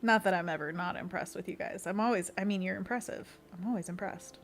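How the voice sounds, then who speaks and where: A young woman streaming as an art host, chatting casually with viewers while she paints, giggly and quick to slip into playful bits. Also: on the low side, fairly even intonation, slight background noise.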